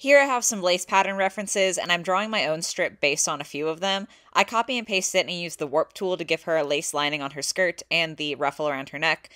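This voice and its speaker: A young woman narrating her own drawing process in a soft-spoken, candid voice-over. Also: lowish voice, a little fast, few pauses. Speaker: artist vlogger.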